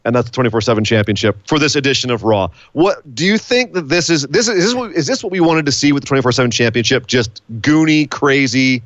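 A man co-hosting a casual wrestling podcast, excitable and quick to laugh as he recaps the show. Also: medium pitch, no room sound. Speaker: podcast co-host. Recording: dry, slightly dull lo-fi sound.

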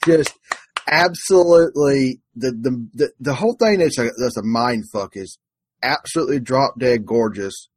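A man with a husky voice joking and swearing as a podcast co-host. The sound is dry and close. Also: mid-range voice, moderate pace, darkish tone, no room sound. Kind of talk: casual chat.

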